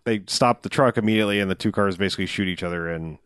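A man's voice: fairly low pitch, racing, fairly bright tone, smooth, no echo, clean studio sound. Man casually recapping a movie. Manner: acts out characters' lines with laughs.

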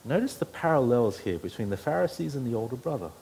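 A man's voice: medium pitch, very animated, fast talker, vocal fry, dark tone, a little hiss or hum. A pastor preaching an earnest sermon to his church, his voice rising when he quotes scripture.

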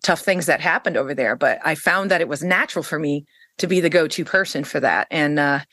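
A woman guest on an interview podcast, telling a personal story in a casual, animated way, jumping into a higher pitch when she quotes people. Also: brisk, no room sound, studio quality. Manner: frequent fillers and restarts.

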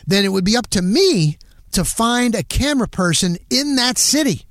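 A middle-aged man hosting a podcast, telling a story in a casual, animated way and punching it up with quick sound words. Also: a little high, no echo, clean studio sound. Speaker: podcast host.

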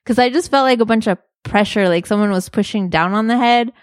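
A woman's voice: a little high, brisk, no room sound, clean studio sound. A young woman telling a funny story in a casual, chatty way, with lots of "like" and laughter.

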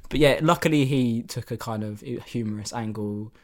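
A young man in casual chat, laid-back, swearing and laughing often, animated when he tells a story. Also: mid-range voice, moderate pace.

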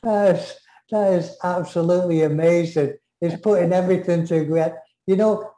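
A man's voice: high-pitched, fairly even intonation, moderate pace, dark tone, reverberant, low-quality recording. A man with an English accent, co-hosting a casual chat, talking enthusiastically and often trailing off mid-sentence. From England. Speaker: co-host.

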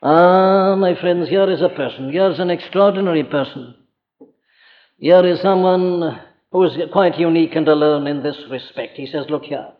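A man's voice: a little high, normal speed, big-room sound. A man with a Welsh accent preaching a sermon, earnest and emphatic, speaking directly to his listeners. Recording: dull lo-fi archive recording.

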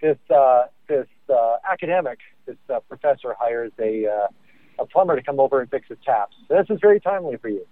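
A man's voice: mid-range voice, lively intonation, brisk, dry recording. Man, podcast co-host, hesitant rambling storyteller, tinny phone-line sound, dry. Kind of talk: casual chat by phone. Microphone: phone while driving.

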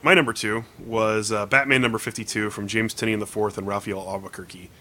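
A man's voice: fairly low pitch, steady tone, brisk, bright, forceful tone. A man hosting a casual comics podcast, recapping stories at length in an upbeat way. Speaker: podcast host.

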